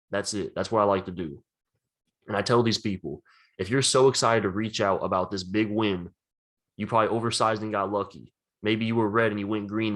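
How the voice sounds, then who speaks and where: Low-voiced man giving rambling trading advice. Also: a bit bright. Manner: rambling, says "like" often, earnest. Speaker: trading educator. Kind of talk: casual advice talk.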